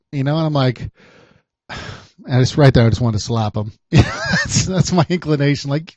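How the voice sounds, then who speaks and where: A man hosting a podcast, a private investigator telling a story in a chatty, animated way. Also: medium pitch, normal speed, dry recording. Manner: animated, chatty, laughs often.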